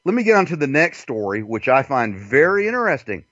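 A man's voice: medium pitch, a little fast, no echo, muffled recording. A man hosting a podcast, delivering a crude, mocking, profane monologue. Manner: crude, mocking, animated delivery with frequent swearing. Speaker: podcast host.

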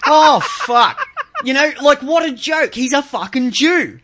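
A man's voice: very high-pitched, animated, measured pace, heavy background noise. A man hosting a casual talk show, cursing often and rambling with frequent restarts. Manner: profane, rambling, with many restarts. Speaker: show host.

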